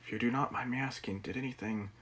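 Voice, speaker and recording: A man's voice: medium pitch, fast, a bit bright, slightly rough, low-quality recording. A man voicing a mysterious old man from a game, reading the dialogue aloud in a put-on accent. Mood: grave, measured.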